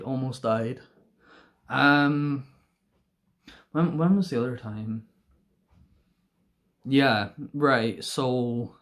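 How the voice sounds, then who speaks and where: A young man casually telling stories to camera, rambling, giggling often and swearing freely. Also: medium pitch. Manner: rambling and giggly, laughs through his own stories. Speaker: vlogger.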